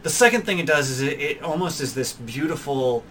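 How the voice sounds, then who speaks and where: A young man hosting a podcast, telling his own story in an earnest, animated way, often restarting and acting out quotes. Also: on the high side, a little fast, a little hiss or hum. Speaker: podcast host. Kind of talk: personal storytelling.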